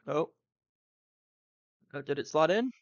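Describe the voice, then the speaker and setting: A man's voice: fairly high pitch, lively intonation, takes it slowly, dry recording, highs cut off. A man from the Southern US, streaming live and thinking aloud, rambling with fillers and side tangents.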